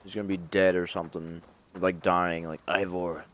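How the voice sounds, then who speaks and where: A man's voice: low-pitched, flat delivery, moderate pace, fairly bright tone. A man giving joking, mock-dramatic commentary as he plays through a video game. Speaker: gameplay streamer. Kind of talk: casual playthrough commentary.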